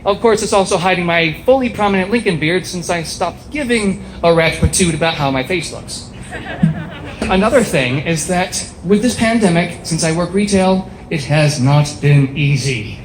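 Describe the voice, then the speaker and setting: A young man from upstate New York doing a deadpan, self-deprecating stand-up set on a small bar stage, speaking through a face mask. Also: high voice, moderate pace, slight background noise. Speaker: stand-up comedian. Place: small bar stage before a live audience. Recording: echoey bar room with faint ambience.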